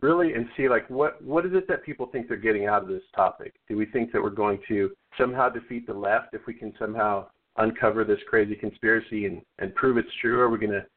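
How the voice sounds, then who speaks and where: Earnest male caller on a tinny phone line. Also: medium pitch. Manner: earnest, argumentative, frequent restarts. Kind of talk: call-in phone conversation. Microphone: telephone.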